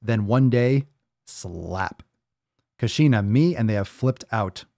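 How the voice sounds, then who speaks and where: A man hosts a fitness live stream in a mid-pitched voice, reacting to viewer posts with blunt, profane emphasis. He hammers his points by repeating them. The sound is dry and close, with no room around it. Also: normal speed, warm tone, no echo. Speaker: fitness podcast host.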